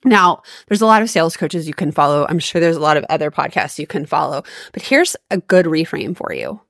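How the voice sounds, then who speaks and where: A woman's voice: sits low, lively intonation, fairly quick, vocal fry, a bit bright, no room sound. Upbeat woman podcast host, dry close sound. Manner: upbeat, emphatic, coaching tone. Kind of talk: solo podcast coaching talk.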